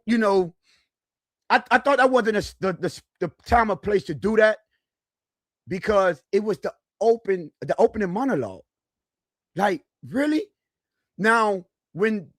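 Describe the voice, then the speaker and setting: A man hosting a sports podcast, talking casually and haltingly with frequent restarts. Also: high voice, fairly bright tone, no room sound, clean studio sound. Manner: halting, hesitant, restarts often. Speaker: podcast host.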